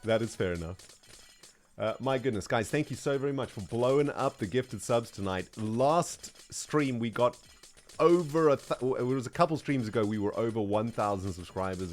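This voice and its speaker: A man chatting casually on his livestream, self-mocking and chatty, with plenty of fillers. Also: on the low side. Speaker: streamer.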